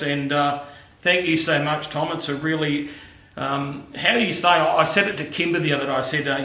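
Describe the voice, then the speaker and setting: A man's voice: fairly high pitch, pushed and bright, echoey room. A middle-aged Australian man chatting casually to camera in his home workshop, friendly and matey, calling people "mate". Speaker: machining YouTuber.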